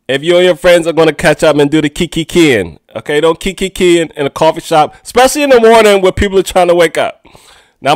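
A man's voice: a little high, no echo, clean studio sound. A young man hosting a podcast, talking alone in a goofy, rambling way and laughing often. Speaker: podcast host. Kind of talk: casual solo monologue. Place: outdoors in the city with sirens.

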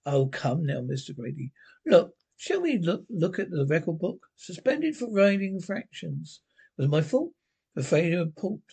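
A man reading a TV script aloud, voicing a mocking alter ego that speaks quietly and smoothly from inside someone's head. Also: on the high side, exaggerated voice. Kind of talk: solo script reading of a TV drama.

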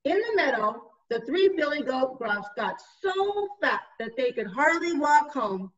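Woman slowly reading a storybook aloud. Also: high-pitched, distant mic, lo-fi sound. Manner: slow, expressive storytelling. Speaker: narrator.

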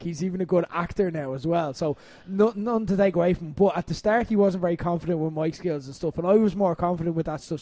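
High-voiced Irish man hosting a podcast. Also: no room sound. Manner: animated storyteller, swears freely, laughs often. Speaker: wrestling podcast host. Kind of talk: casual comedic podcast talk.

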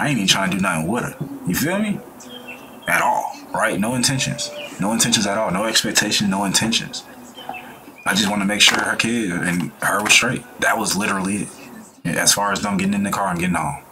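A man's voice: fairly low pitch, background noise. A man hosting a reaction video, talking in a laid-back, slangy way and preaching about life and good vibes. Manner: acts out quoted people in changed voices. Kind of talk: casual reaction commentary.

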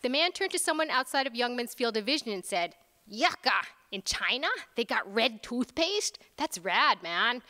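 A man's voice: very high voice, animated, moderate pace, bright, forceful tone, heavily acted. A woman voicing a laid-back young male hospital orderly with a slangy, easygoing drawl. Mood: amused. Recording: reverberant lecture hall.

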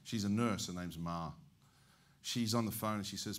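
A man's voice: fairly low pitch, normal speed, a little hiss or hum. A man preaching with an Australian accent, telling a story in a sermon and acting out its dialogue. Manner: animated, acts out the dialogue of his story. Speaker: evangelist preacher. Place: church service.

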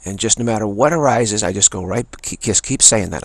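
Low gravelly guy teaching meditation, earnest, keeps repeating himself, kinda husky. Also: a little fast, hardly any pauses. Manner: earnest, repetitive, chants mantra softly. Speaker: spiritual teacher. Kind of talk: spoken teaching talk.

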